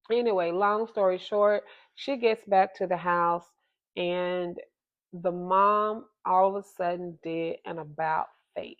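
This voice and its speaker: Woman host, personal story monologue, halting and emotional, slightly dull lo-fi audio. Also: lowish voice, steady tone. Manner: halting, emotional, many restarts. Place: at home.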